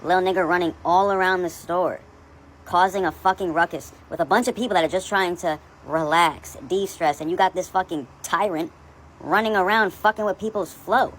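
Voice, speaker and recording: A woman's voice: fairly low pitch, normal speed, low-quality recording. A woman ranting casually in a profane, sarcastic, exasperated way. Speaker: commenter. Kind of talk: casual opinion rant.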